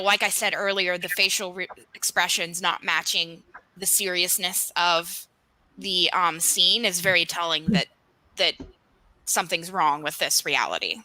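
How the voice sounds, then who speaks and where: A woman's voice: on the low side, bright, forceful tone, no room sound, poor audio. A woman in a casual fan discussion who speaks in an analytical, articulate way. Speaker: podcast panelist.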